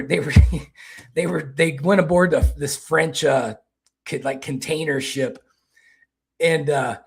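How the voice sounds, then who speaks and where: A man's voice: medium pitch, vocal fry, fairly bright tone, breathy edge. A man with a Kentucky accent hosting casual political commentary, rambling and restarting his words as he talks.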